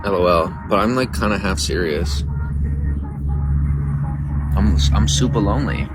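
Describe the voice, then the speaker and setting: Speaking at a measured pace in a voice on the low side, a livestream host chats casually to viewers outdoors by a coffee shop. He rambles and reads chat messages out loud while noise fills the background.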